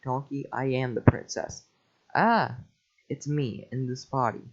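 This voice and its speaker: A man's voice: mid-range voice, a little slow. A man reading a cursed princess. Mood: earnest. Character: young princess under a curse, earnest. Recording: lo-fi home mic.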